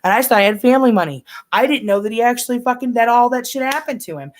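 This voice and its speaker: A woman's voice: fairly high pitch, expressive, racing, slight background noise. A young woman from the United States chatting casually on a live reaction stream, rambling, restarting her sentences and swearing often.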